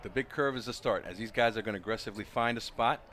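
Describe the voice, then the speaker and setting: A man who coaches track, giving color commentary at an outdoor meet and telling lively stories. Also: fairly low pitch, fast, a little hiss or hum. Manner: animated storyteller, voices quoted people loudly. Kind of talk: live sports commentary with storytelling.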